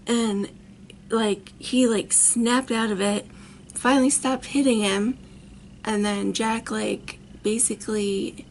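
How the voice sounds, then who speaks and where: A woman's voice: mid-range voice, creaky, slight background noise. A woman in her thirties telling a personal story as a vlogger, rambling with many fillers. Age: 30s. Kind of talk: storytime monologue.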